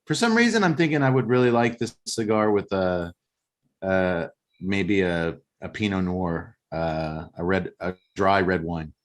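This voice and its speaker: A man's voice: low-pitched, a little slow. A man hosting a casual talk show, rambling and joking as he recaps a movie plot. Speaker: podcast host.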